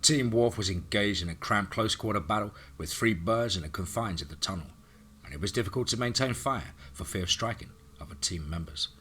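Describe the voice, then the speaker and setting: Deep, bright male storyteller for dramatic horror narration. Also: a little fast, slightly rough.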